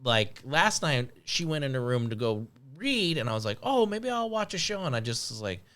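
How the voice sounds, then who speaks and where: Bright-voiced man in easy podcast chat. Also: mid-range voice. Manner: relaxed, halting, trailing off mid-sentence. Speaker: podcast co-host. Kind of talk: casual chat.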